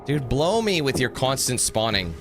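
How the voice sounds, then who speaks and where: A man's voice: mid-range voice, big pitch swings, moderate pace, noisy background. A man rambling and joking through casual commentary on a horror game he is playing. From North America. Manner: joking, rambling, sings snatches and does mock voices. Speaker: gaming channel host.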